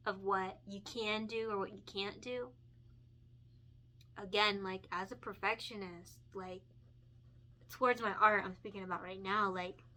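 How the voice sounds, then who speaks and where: A young woman who illustrates picture books chats casually and earnestly while coloring, her medium-pitched voice pushed and bright. She uses lots of fillers and self-corrections, laughs often, and comes across as emotional and encouraging.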